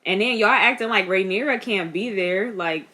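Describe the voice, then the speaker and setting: A young woman giving casual reaction commentary. She is chatty and expressive, laughs often, and talks back at the screen. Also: medium pitch, moderate pace. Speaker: reaction vlogger.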